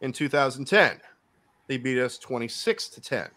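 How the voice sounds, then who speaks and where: Animated man hosting sports picks chat. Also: medium pitch, normal speed, slight background noise. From Miami Dolphins fan. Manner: animated, swings between loud and muttered. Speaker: podcast host.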